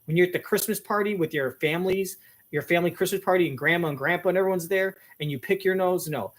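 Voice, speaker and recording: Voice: mid-range voice, fast. A talk-show speaker making blunt, emphatic points and cursing now and then. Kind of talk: casual talk-show banter.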